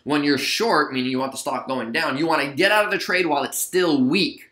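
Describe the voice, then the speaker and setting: A man talks through a trade on his screen in a loose, chatty way, full of fillers and asides. His voice sits a little high and sounds bright and forceful. The room around him rings with echo. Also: fairly quick. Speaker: stock trading video host. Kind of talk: casual screen-share trade recap.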